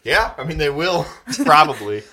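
A young man in casual comedic chat, telling stories in an animated way, acting out quotes and swearing freely. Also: a little high, moderate pace.

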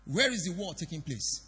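A pastor preaching a sermon in a church hall, swinging between loud declarations and quiet confiding. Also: male voice, fairly high pitch, slightly rough. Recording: long reverb of a church hall.

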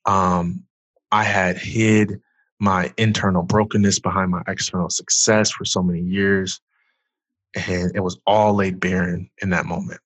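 A man, a former athlete and author, earnestly telling his personal story as a guest, loose and full of "like", turning loud when he acts out past outbursts. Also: deep voice, flat delivery, measured pace, no echo. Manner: earnest, loose, heavy use of "like".

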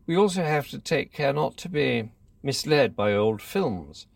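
A man, a columnist, reading his own essay aloud in a measured, deliberate manner. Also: medium pitch, expressive, vocal fry, no room sound, far from the mic.

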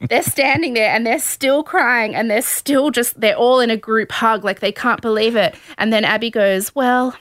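A woman's voice: fairly high pitch, moderate pace, hardly any pauses, fairly bright tone, dry recording, studio quality. Gossipy young woman podcaster. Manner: chatty, gossipy, laughs often, acts out quotes. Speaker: podcast host recapping a reality show. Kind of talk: casual chat.

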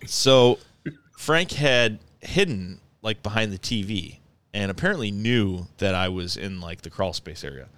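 Low, smooth-voiced man telling a story. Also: a little slow, no room sound. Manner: rambling, animated storyteller with restarts and laughter. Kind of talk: casual chat, telling a story.

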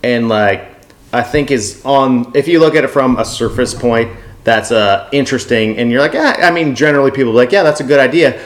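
A man's voice: medium pitch, brisk, reverberant. A man in casual podcast talk, rambling and thinking aloud with many fillers.

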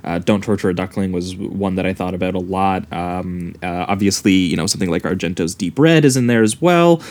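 Low-voiced man hosting a film chat. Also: brisk, a little mellow. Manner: hesitant, many fillers and restarts. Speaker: podcast host. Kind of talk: casual film discussion.

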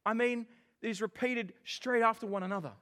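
Brief: New man preaching, high pitch, animated delivery with quick jokes. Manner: animated and joking, with lively emphasis. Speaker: pastor. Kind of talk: sermon.

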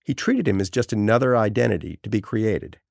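A man from New Orleans narrating a documentary podcast in a deliberate storytelling manner. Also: on the low side, lively intonation, vocal fry, darkish tone, no echo, studio quality. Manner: deliberate storytelling, vivid phrasing. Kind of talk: scripted narration.

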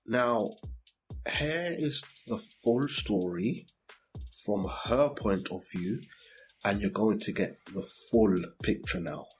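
A man's voice: on the low side, lively intonation, slow, soft background music. A man hosting a podcast, talking straight to his listeners in a direct, upbeat way. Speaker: podcast host. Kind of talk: casual podcast talk.

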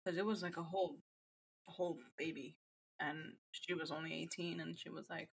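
A woman guest on a casual podcast, telling personal stories in an animated way and acting out quotes. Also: on the low side, normal speed, creaky, a little hiss or hum. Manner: animated, acts out quotes in Spanish.

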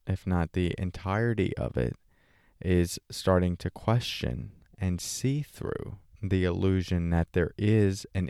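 A man with a low, gravelly voice leads a reflective talk on meditation. He keeps asking questions and answers them in the voice of an imagined listener. His tone stays mellow and close, in a dry, dead room. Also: no room sound. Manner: questioning, talks back and forth with an imagined listener; relaxed and casual, light laughs. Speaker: meditation teacher.

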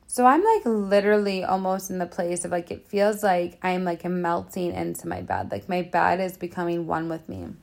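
A woman's voice: lowish voice, expressive, moderate pace, creaky, hardly any pauses, darkish tone. A woman hosting a podcast in a casual, rambling monologue, emphatic and full of repeated phrases and fillers. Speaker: podcast host.

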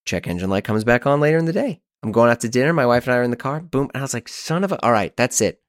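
A man in his thirties, a podcast host, telling a casual story in an animated, self-deprecating, rambling way. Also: mid-range voice, racing, smooth, dry recording, clean studio sound.

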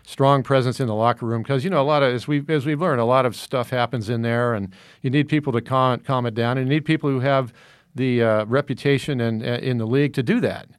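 A man's voice: medium pitch, steady tone, brisk, clean tone, no room sound, clean studio sound. A man talking through basketball analysis in casual discussion, rambling with many fillers and restarts.

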